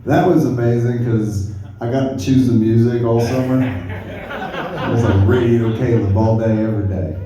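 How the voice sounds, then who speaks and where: A young man doing a stand-up comedy set, telling stories in a laid-back, deadpan way. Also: medium pitch, normal speed. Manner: laid-back, deadpan storytelling with crowd laughter. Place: comedy club stage. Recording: roomy club sound from far off. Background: audience laughter.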